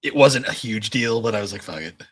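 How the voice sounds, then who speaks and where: A young man chatting casually on a podcast, with a husky, slightly breathy voice. He tells his stories in a laid-back manner, swearing and laughing as he goes. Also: mid-range voice, brisk, fairly bright tone. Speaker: podcast co-host. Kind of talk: casual chat, storytelling.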